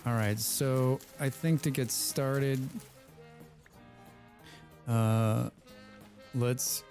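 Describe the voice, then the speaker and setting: A man's voice: mid-range voice, steady tone, extremely slow, a little mellow, faint music behind. A man hosting a casual let's play, chatting with friends in a rambling, playful way and often repeating his words. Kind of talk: casual gameplay commentary with friends.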